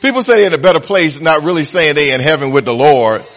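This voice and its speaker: High-voiced preacher in an echoing hall. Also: male voice, expressive, quick pace. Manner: preaching with humor, rising to loud, laughing punchlines. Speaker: pastor. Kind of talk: sermon.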